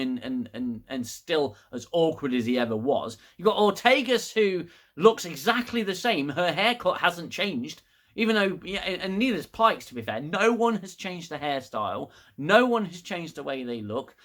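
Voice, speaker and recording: Brief: male reviewer, blunt and exasperated, bright forceful voice, slightly high. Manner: rambling, frustrated, frequent restarts and swearing. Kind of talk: casual review monologue.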